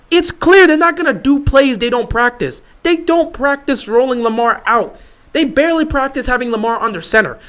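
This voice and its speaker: A high-pitched, bright-voiced man calls a football game live for his stream viewers. He talks in animated bursts and hammers the same point again and again. At times he drops into a flat, deflated mutter. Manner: animated, repeats points insistently, swings from excited to flat and deflated. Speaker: fan livestream host. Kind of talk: live game watch-along commentary.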